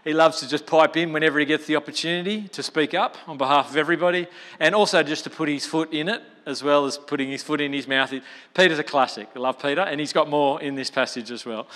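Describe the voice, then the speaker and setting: A man giving a chatty, animated sermon, acting out the people in the story. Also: on the high side, quick pace. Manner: animated, acts out quotes with slang like mate. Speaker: preacher. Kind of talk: conversational sermon. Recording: long hall reverb.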